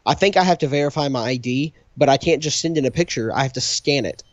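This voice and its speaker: A man's voice: mid-range voice, quick pace, no room sound, dull audio. A young man co-hosting a casual podcast, joking and teasing in a crude way. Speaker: podcast co-host. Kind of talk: casual chat.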